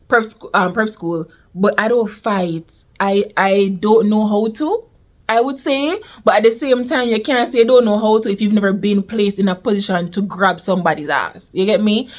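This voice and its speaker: A young woman with a Jamaican accent telling a storytime vlog in a lively way, slipping into patois. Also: mid-range voice. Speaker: vlogger. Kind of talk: casual storytime.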